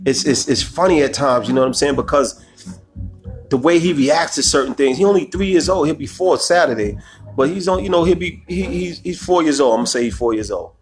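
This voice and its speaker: Animated young man chatting on a live stream. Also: fairly high pitch, a little fast, faint music behind. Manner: animated, laughs often, repeats "you know what I'm saying". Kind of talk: casual live chat reading viewer comments.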